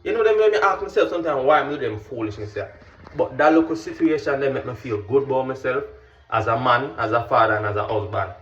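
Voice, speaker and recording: A man, a vlogger and pilot telling a story in an animated, casual way and often checking that the listener understands. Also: medium pitch, quick pace. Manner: animated, keeps asking "you understand?". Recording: roomy, distant, dull with faint music.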